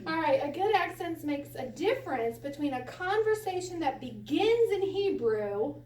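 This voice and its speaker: A woman teaching a Hebrew lesson to a class, animated and quick to laugh as she acts out quotes. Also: sits high. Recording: echoey room from a distance, faint hiss.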